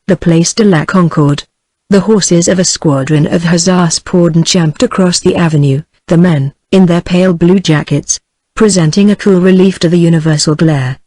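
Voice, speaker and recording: A woman's voice: fairly low pitch, no echo, poor audio. Synthetic British woman reading a novel. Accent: British English. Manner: even, evenly paced synthetic reading. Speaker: audiobook narrator. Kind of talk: text-to-speech audiobook reading.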